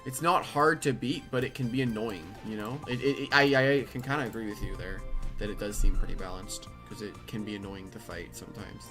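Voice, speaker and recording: A man's voice: lowish voice, steady tone, a little fast. A tired young man answering chat questions offhand while he streams a game. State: tired, flat. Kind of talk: casual live-stream chat. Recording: game music behind the voice.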